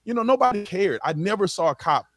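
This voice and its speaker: A man's voice: sits high, expressive, fast talker, a bit bright. A man who is a former police officer, answering interview questions in a frank, plain-spoken way with casual slang.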